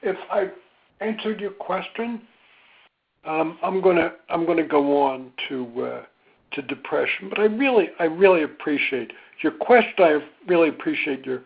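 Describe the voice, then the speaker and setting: Man, webinar speaker, reflective, slightly high voice, tinny phone sound. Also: animated, moderate pace, creaky. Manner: gentle, reflective, with many ums. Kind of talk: slow, thoughtful webinar talk.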